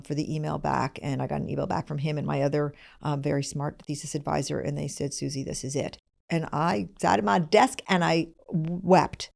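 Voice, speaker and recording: Low gravelly woman telling her story. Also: darkish tone. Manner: candid and self-deprecating, with frequent fillers. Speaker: host. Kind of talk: personal storytelling monologue.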